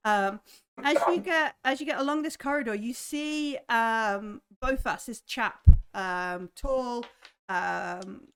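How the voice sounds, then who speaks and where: A woman's voice: on the high side, slow, fairly bright tone, slight background noise. A woman narrating a tabletop game as game master, rambling with many fillers.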